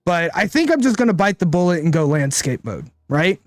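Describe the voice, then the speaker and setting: Male streamer, higher-pitched, casual think-aloud live commentary, dry close mic, faint music under. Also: sing-song, a little fast, no room sound. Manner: thinks aloud, tags lines with "right?". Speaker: game streamer.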